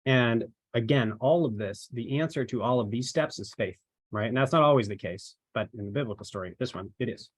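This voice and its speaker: A man's voice: medium pitch, fairly quick, no room sound. A man as a trainer, giving an informal, rambling talk to his team and tossing in rhetorical questions. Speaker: ministry marketing trainer.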